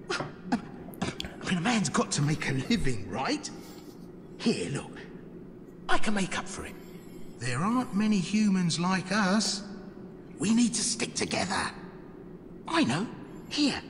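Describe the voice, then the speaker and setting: A man's voice: sits high, heavily acted. An actor playing a sly, treacherous male trickster in a video game, mocking and cackling. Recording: game audio with long reverb and hiss.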